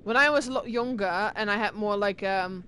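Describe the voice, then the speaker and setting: A young woman talks to her stream audience in a loose, rambling way, full of fillers and false starts. Her English accent lets a little Irish and Scottish slip through. Her pitch sits in the ordinary middle range, and a faint hiss sits under the voice. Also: normal speed, pushed and bright. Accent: English with Irish and Scottish touches. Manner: rambling, chatty, many fillers and restarts. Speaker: gaming streamer. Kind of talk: casual chat to stream viewers.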